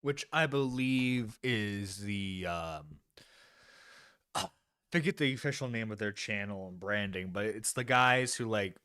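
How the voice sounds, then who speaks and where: A man's voice: fairly low pitch, a little slow, pushed and bright, clean tone, no echo, clean studio sound. A man hosting a live stream, reacting to a video with sarcastic, profane commentary and frequent laughter. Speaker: stream host.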